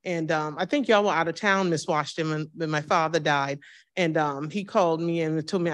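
A woman's voice: low voice, brisk. A woman in her fifties, a church member, telling personal memories of her pastor and acting out the dialogue with laughs. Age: 50s. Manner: warm storytelling, acts out dialogue with laughs. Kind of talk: personal testimony at a reading circle.

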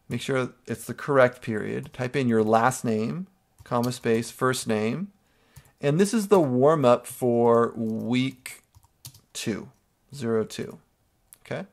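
Teacher guy w a gravelly voice walking students thru a drawing tutorial step by step, keeps saying okay?. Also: mid-range voice. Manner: step-by-step instructing, checks in with a frequent "okay?". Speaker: art teacher. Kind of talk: screen-recorded drawing tutorial.

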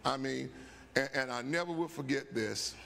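Gravelly older man preaching in a hall. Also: mid-range voice, moderate pace. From USA. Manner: folksy, animated storytelling with repeated "man" and "guess what". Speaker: bishop teaching Bible study. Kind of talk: storytelling sermon. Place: church sanctuary. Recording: church hall with long reverb.

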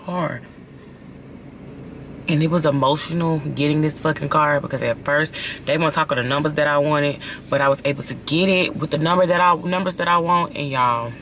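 A young woman talking casually to her camera, excited, slangy and swearing, with loud bursts and laughter. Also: deep voice, brisk, slight background noise. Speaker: vlogger. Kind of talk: casual vlog chat to camera.

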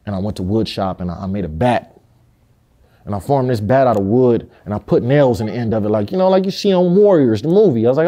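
A man's voice: lowish voice, lively intonation, fast, mellow. A man telling a candid story from his youth in an interview, in streetwise speech that swears and acts out the people he quotes.

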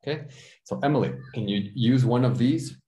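A man's voice: mid-range voice, normal speed, warm tone. A man teaching an online English class, encouraging and explaining with examples. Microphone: video call.

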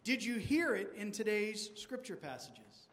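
A man's voice: high-pitched, big pitch swings, measured pace, a bit bright. A man preaching a sermon in a church, asking rhetorical questions again and again. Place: large church. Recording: long church reverb.

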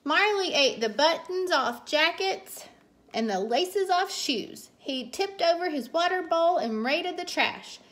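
A woman teacher reads a picture book aloud to children at bedtime. Her voice sits high and she takes her time, leaning into each line with lively expression. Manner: slow, expressive storytelling with character voices. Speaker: teacher reading a bedtime story.

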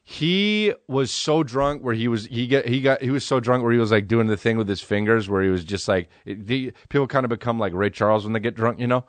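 A young man hosts his own podcast. He rambles through a comedic story, swearing freely, in an easy, laid-back voice at a middle pitch. The sound is dry and close, with no room echo. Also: a little fast, few pauses. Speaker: podcast host.

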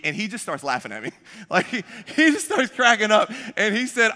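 A man's voice: high voice, big pitch swings, normal speed, pushed and bright. A young man preaching a sermon as a pastor, telling a personal story in a casual, self-deprecating way. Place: church sanctuary. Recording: long church hall reverb.

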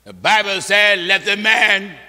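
Man, pastor, emphatic sermon, high voice, long hall reverb. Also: a little slow, pushed and bright. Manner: emphatic preaching, repeats scripture and seeks audience responses.

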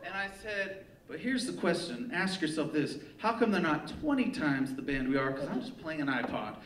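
A man telling a personal story live on a theater stage, animated and profane, laughing at his own tale. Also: on the high side, normal speed, a crowd in the background. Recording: echoey live theater sound, mic from a distance. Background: audience laughter and room ambience.

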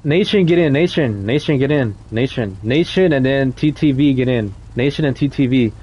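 A man's voice: mid-range voice, moderate pace, darkish tone, breathy edge. A young man hosting a live game car meet, talking in loose slang and calling players in by name. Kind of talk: casual live-stream commentary.

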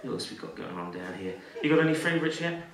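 A man working as a stage hypnotist at a live comedy show, playful with volunteers and dropping to a slow soothing murmur for trance suggestions. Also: lowish voice, creaky, heavy background noise. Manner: energetic and teasing with volunteers. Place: college auditorium stage. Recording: echoey hall from far off, audience laughter. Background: laughing audience.

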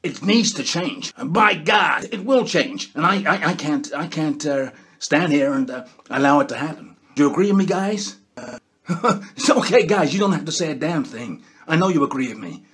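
A man's voice: fairly high pitch, lively intonation, moderate pace, fairly bright tone, slightly rough. A man doing a comic impression of a boastful, bossy male world leader who keeps tacking "okay?" onto his lines. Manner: bragging, bossy, repeats "okay?".

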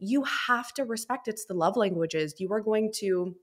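A young adult woman, a business mentor and podcast guest, talking in a chatty, animated way and slipping into little voices for anecdotes. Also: mid-range voice, moderate pace. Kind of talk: casual interview talk.

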